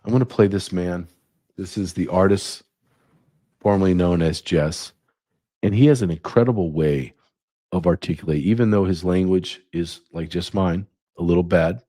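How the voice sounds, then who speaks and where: A man hosting his podcast, speaking plainly and earnestly, building to forceful warnings. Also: low voice, moderate pace, no echo, studio quality. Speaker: podcast host. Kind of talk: opinionated podcast commentary.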